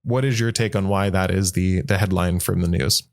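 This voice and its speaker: A man's voice: low-pitched, steady tone, a little fast. A man co-hosting a podcast, talking in a casual, rambling, jokey way. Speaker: podcast co-host. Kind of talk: casual conversational discussion.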